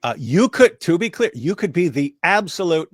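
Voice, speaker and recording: A man's voice: a little high, sing-song, moderate pace, dry recording, studio quality. Emphatic man arguing on a stream. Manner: emphatic, arguing with repeated restarts. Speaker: stream co-host. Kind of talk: casual reaction commentary.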